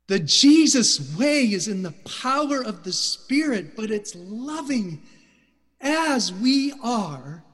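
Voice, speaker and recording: Brief: middle-aged male preacher, fervent and emphatic, fairly high voice, echoing sanctuary. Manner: passionate, loud and emphatic. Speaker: guest speaker. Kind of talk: sermon. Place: church sanctuary. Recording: reverberant church hall.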